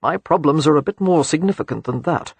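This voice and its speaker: A man playing a brooding, war-scarred young gentleman who speaks in a quiet, measured, grave way, with a husky tone. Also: a little high, lively intonation, no room sound, heavily acted.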